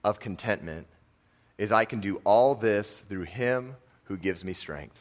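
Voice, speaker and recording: A young man giving a casual, conversational sermon, dropping his voice soft on key lines. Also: fairly low pitch, measured pace. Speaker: preacher and football coach.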